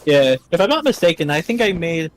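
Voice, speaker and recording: A man from Canada chatting casually with a friend while gaming, easygoing and quick to laugh. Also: a little high, big pitch swings, soft background music.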